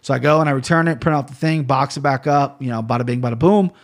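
A man talking straight to camera at a mid-range pitch, loose and unscripted. He rambles, swears often, and breaks into loud bursts of mock outrage before settling back down. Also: quick pace. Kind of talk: casual solo rant about gear and fight news.

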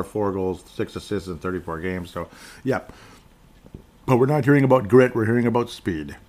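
Low-voiced rambling middle-aged man. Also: a little mellow. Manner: rambling, digressive, jokey; clears throat often. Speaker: podcast host. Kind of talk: casual solo sports talk.

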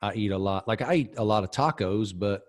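Man, low, animated storyteller. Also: brisk. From American South. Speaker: podcast host. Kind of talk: casual chat.

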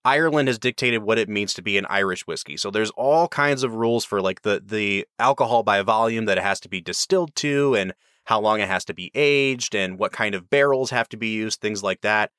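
A man's voice: on the low side, a little fast, hardly any pauses, a bit bright, smooth, no echo, studio quality. A man hosting a whiskey review, explaining and chatting in an enthusiastic, rambling way. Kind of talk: casual review chat.

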